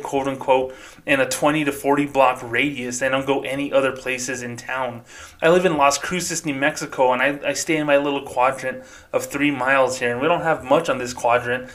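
A man's voice: mid-range voice, fairly even intonation, normal speed, a bit bright. Man ranting profanely on a podcast. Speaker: podcast host. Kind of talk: solo podcast commentary.

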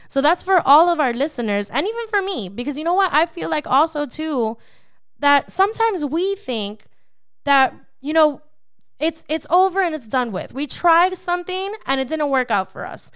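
A woman's voice: sits high, expressive, moderate pace, a bit bright, no room sound, studio quality. A woman co-hosting a devotional Bible podcast, teaching in an emphatic, preacherly way and often checking in with the listener. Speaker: podcast co-host.

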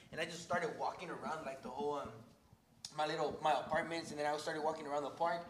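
A young man talks fast and excitedly, his voice sitting a little high for a man. He rambles and jokes through a casual faith testimony with lots of fillers, with faint noise in the background. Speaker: youth group speaker. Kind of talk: casual testimony in a group discussion.

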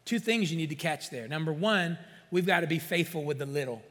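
Preaching with emphasis, this middle-aged man urges amens and plays out the excuses doubters give. The long hall reverb of a church sanctuary surrounds his a-little-high, fairly bright voice, which moves a little fast with lively intonation.

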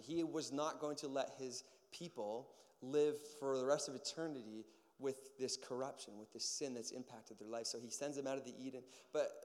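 Male pastor, mid-pitched, chatty and animated, preaching in a church hall with long reverb. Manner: animated storyteller, acts out voices, many fillers. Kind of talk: casual sermon with personal stories.

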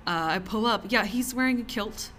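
Animated woman telling stories on a podcast. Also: on the high side, normal speed, slight background noise. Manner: animated storyteller, laughs often. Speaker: podcast co-host. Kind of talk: casual podcast chat. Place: cellar.

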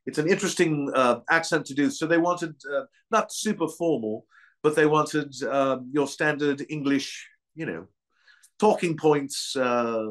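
A man's voice: on the high side, a little slow. An older man from Kentucky, a guest actor, chatting in an interview and telling meandering stories. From Kentucky, USA. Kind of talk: casual interview chat.

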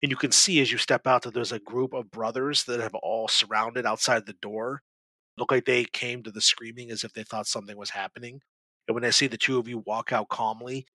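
A man as game master, narrating a tabletop game scene with vivid, steady description. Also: medium pitch, dry recording, poor audio.

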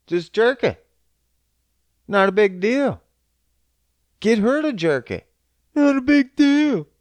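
Rambling foul-mouthed man, lively pitch. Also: dry recording, clean studio sound. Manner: crude, rambling, profane; laid-back, smoking while talking. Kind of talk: casual monologue.

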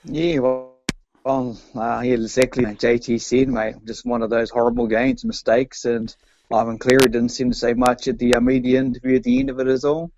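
Gravelly New man, easygoing. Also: mid-range voice, animated, brisk, lo-fi sound, noisy background. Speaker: sports show regular. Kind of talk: casual sports chat.

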